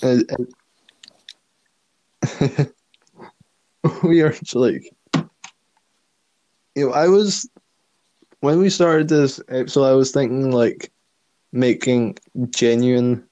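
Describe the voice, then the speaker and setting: A man co-hosting a podcast, rambling through casual chat with lots of fillers. His voice is mellow and unhurried. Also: medium pitch, fairly even intonation, a little hiss or hum, poor audio. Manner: rambling, filler-heavy, laughs often. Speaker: podcast co-host.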